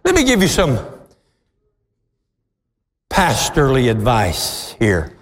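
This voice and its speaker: A man preaching a sermon as pastor, telling a story and building up to shouted exhortation before a congregation. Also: mid-range voice, huge pitch swings, slow pace. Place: large church sanctuary with congregation. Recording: long hall reverb, crowd and room noise.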